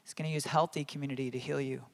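A man's voice: medium pitch, level tone, racing, creaky. A man in his thirties preaching a sermon as a pastor, earnest and conversational, laughing at his own stories.

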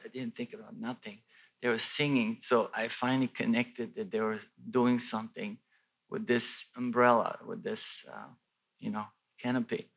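A man from Bulgaria telling a personal faith testimony in animated storytelling, with many restarts and a voice that rises and falls. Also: medium pitch, vocal fry. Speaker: testimony speaker.

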